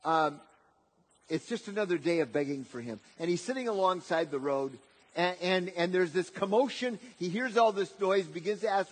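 A man preaching a sermon, often repeating words and swinging between loud emphatic lines and quiet, soft passages. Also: high-pitched, moderate pace, slightly rough.

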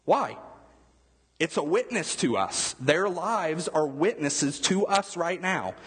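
A man's voice: a little high, expressive, slow pace, a bit bright, breathy edge, long reverb tail. A male pastor giving a conversational sermon, asking his listeners questions as he goes. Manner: conversational, asks the room questions.

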